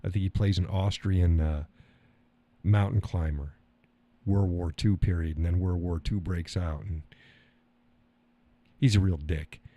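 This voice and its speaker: A middle-aged man hosts a live stream in a low voice, speaking at a measured pace with fairly even intonation and long pauses, and the sound is lo-fi. He rambles loosely through viewer comments with his chat, swearing casually and chuckling often.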